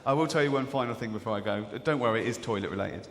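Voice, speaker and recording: Rapid-fire and medium-pitched, an English comedian on a large theatre stage runs through a conversational storytelling routine, acting out characters' voices. Background noise, live reverb and a faint crowd can be heard.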